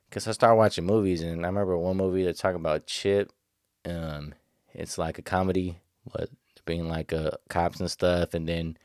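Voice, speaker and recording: A young man with a low, deep voice rambles through a personal story in loose, slangy chat. He laughs often and jumps up in pitch when he quotes friends. The sound is close and dry, with almost no room around it. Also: darkish tone, no room sound. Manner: raises pitch when quoting others. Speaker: vlogger.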